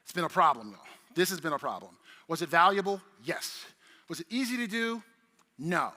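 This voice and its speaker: Animated, bright-voiced man on a conference stage. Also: a little high, normal speed. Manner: animated, profane, chatty with the audience. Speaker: conference speaker. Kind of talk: energetic keynote talk. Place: large conference hall stage. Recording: long reverb of a large conference hall.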